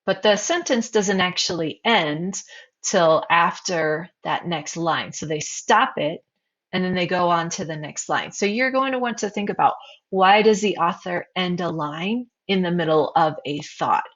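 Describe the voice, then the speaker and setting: A woman's voice: fairly low pitch, measured pace, fairly bright tone, highs cut off. A woman teacher narrating a recorded slideshow lesson, explaining terms and posing questions to her students.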